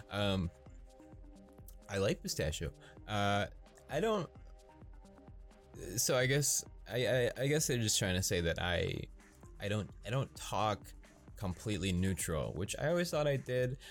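Laid-back Midwestern man, lowish voice. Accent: Midwestern American. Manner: halting, many restarts, laughs often. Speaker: podcast host. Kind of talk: casual rambling monologue.

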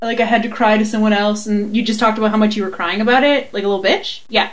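A woman co-hosting a casual chat, teasing her co-host and laughing often in quick banter. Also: mid-range voice, steady tone. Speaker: podcast co-host.

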